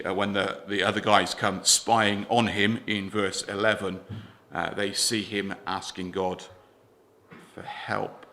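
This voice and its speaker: A man preaching a sermon in church, earnest, putting questions to the congregation and letting his voice fall softer at the ends of lines. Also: fairly low pitch.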